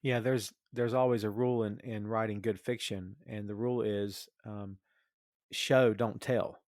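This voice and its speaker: A man's voice: fairly low pitch, level tone, normal speed, a little mellow, no echo, studio quality. A man co-hosting a podcast, reviewing a film in casual chat and acting out his reactions in quoted asides. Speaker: podcast co-host.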